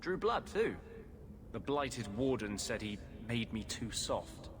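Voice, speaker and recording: A man's voice: medium pitch, very animated, slow. An actor playing a weary male healer mage in a game, earnest and wry. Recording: game audio with background noise.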